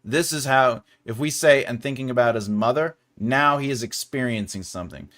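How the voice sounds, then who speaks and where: A man's voice: mid-range voice, normal speed, a bit bright. A man with a New York accent hosting a live-stream writing lesson, chatting with viewers and laughing often.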